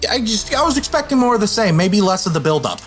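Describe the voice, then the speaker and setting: Teasing male podcast host, slightly high voice. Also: sing-song, fast talker, soft background music. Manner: teasing, steers the questions. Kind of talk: casual chat.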